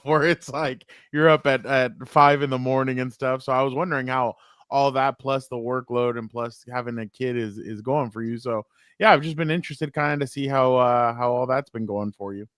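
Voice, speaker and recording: A man with a smooth, resonant voice tells a story on a podcast and acts out the people in it. He is recorded close and dry, with no room sound. His pitch sits in a middle range. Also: fairly bright tone, dry recording. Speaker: podcast co-host. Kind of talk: casual chat, storytelling.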